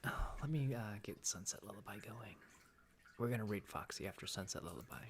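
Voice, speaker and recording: A man streaming ASMR chat, soft-spoken and drifting into whispers. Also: on the low side, animated, brisk, a little hiss or hum.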